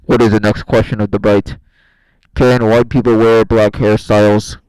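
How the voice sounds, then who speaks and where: A man's voice: lowish voice, little pitch movement, moderate pace, a little mellow, clear, resonant tone, no echo, voice pushed down, natural voice, poor audio. A man playing a formal debate moderator who politely introduces each question. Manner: formal, announcer-like.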